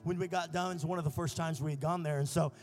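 An American man preaching a prophetic sermon, telling stories and building to shouted fervor. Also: on the high side, steady tone, fast talker. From United States.

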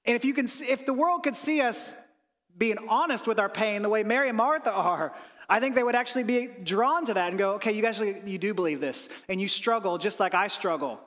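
A pastor preaching a sermon with earnest feeling, dropping soft on reflective lines and rising when he voices pleading prayers. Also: sits high, fairly quick. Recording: long hall reverb.

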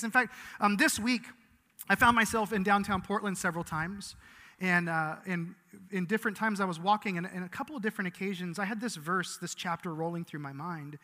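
A man's voice: sits high, fast, bright, forceful tone. A man giving a sermon as pastor, earnest and conversational, with frequent restarts. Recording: long reverb of a large hall.

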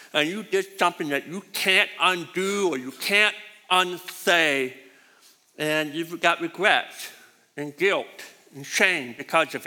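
A man's voice: high-pitched, bright, forceful tone. A middle-aged man giving a sermon built around a personal story, with a distinctive voice that he himself calls bad, rambling and repeating words as he goes. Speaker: preacher. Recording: long hall reverb.

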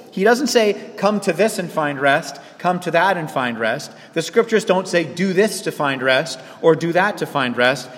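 A man preaching a sermon as pastor, with animated delivery that swings from hushed and low to loud and high. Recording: long reverb of a large hall.

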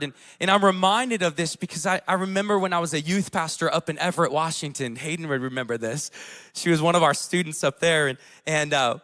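Male pastor, thirties, high-pitched voice, casual conversational sermon that moves between quiet and loud. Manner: casual storytelling with fillers, swinging between hushed and loud.

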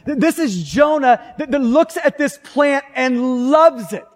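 A man's voice: extremely high pitch, lively intonation, unhurried. A man preaching a sermon, talking conversationally and asking the congregation rhetorical questions. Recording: long hall reverb.

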